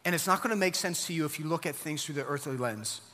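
A man preaching a sermon as pastor, animated and emphatic, building to fervent peaks. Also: fairly high pitch, fast talker, big-room sound, a little hiss or hum.

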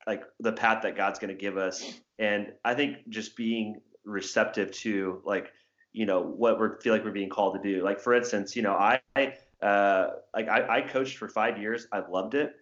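A former English teacher in his thirties from Southern Indiana, USA, guests in a casual conversation, rambling with lots of filler words. His voice is fairly low, steady and fairly bright, at a moderate pace, recorded in a roomy space that sounds slightly dull.

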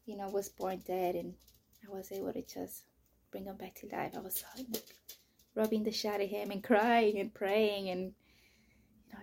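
Woman podcast host, husky and a little gravelly, casual and profane, rambling storyteller. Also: medium pitch, flat delivery, moderate pace. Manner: profane, rambling, full of "you know" and "like"; drifts into soft, breathy near-whispers.

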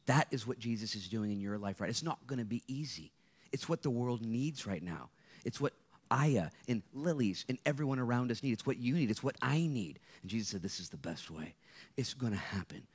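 Young man, casual campus sermon, jokey and conversational, hushed to loud swings, mid-pitched voice. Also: animated, fairly quick, slightly rough. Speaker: guest speaker.

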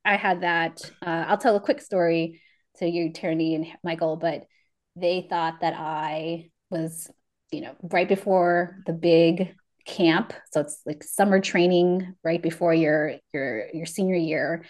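A woman's voice: fairly low pitch, a little slow. A woman guest on a podcast telling her life story in casual conversation, acting out the voices of people she remembers and laughing often. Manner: lively, acts out remembered dialogue; laughs often mid-sentence.

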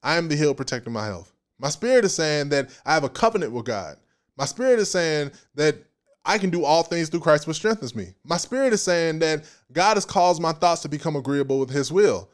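A man preaching a casual sermon in an animated, playful way, with slang and frequent laughs. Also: a little high, a little fast.

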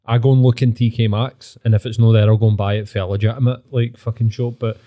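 A man co-hosting a podcast in casual chat, teasing, sweary and quick to laugh. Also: medium pitch, flat delivery, muffled recording. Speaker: podcast co-host.

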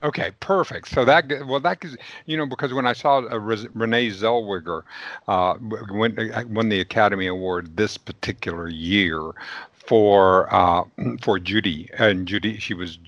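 A man interviewing a guest, with an effusive, wordy manner and many stumbling restarts. His voice is mid-pitched and recorded dry and close, with a slightly dull sound. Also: normal speed, a bit bright, no echo. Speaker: interviewer, host. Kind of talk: casual interview.

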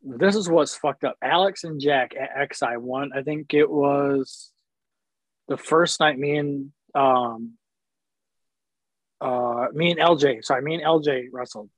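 A man's voice: mid-range voice, a little slow, no room sound, poor audio. A man, a professional wrestler, telling rambling profane stories in casual chat, often stopping to apologize.

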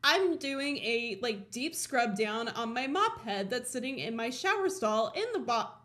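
A Colorado woman hosting a podcast tells a rambling everyday story in a voice on the high side, at an unhurried pace. She's casual and animated, laughing often, swearing freely, and acting out her own thoughts.

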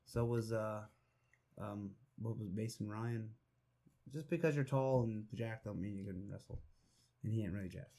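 A man's voice: on the low side, moderate pace, creaky, warm tone. A man co-hosting a casual podcast chat, laughing often and talking loosely with restarts. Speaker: podcast co-host.

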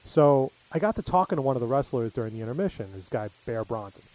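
A man's voice: mid-range voice, animated, quick pace, a little mellow, low-quality recording. A middle-aged man telling stories in casual chat, full of fillers. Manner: rambling storyteller, many fillers.

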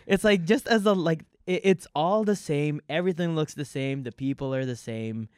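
A man's voice: fairly high pitch, moderate pace, smooth, no room sound, clean studio sound. A man, a comedian and podcast guest, telling casual stories full of swearing and laughter, acting out both sides of conversations. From Canada. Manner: profane, laughing, acts out both sides of dialogue. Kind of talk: casual storytelling chat.

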